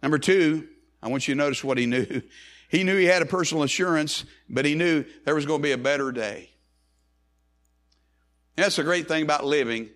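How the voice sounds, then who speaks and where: A man preaching a sermon as pastor, swinging from quick, low asides to slow, high, emphatic rises on key phrases. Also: fairly bright tone.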